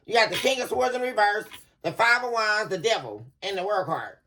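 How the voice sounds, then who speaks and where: A woman talks her viewers through a psychic tarot reading in a casual, conversational way. Her voice swings widely in pitch, rising into bursts of laughter and dropping low for emphasis. She keeps turning to address her listeners directly as she goes. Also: lively intonation, brisk, a bit bright, slight background noise. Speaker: tarot reader.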